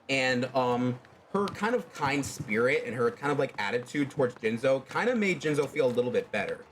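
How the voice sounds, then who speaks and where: A man's voice: mid-range voice, a little hiss or hum. A man casually telling a fan story on a stream, rambling along with many fillers.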